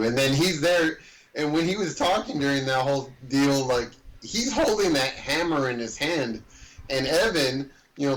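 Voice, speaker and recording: A man's voice: medium pitch, poor audio. Easygoing podcast co-host man. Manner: relaxed, agreeable, acts out characters' lines. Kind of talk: casual chat.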